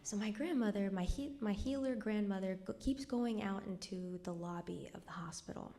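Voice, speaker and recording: A young woman tells a true personal story live on stage at a cultural center. Her voice is medium-pitched and dark, at a moderate pace, and her wry, conversational delivery sinks to a near whisper at somber moments.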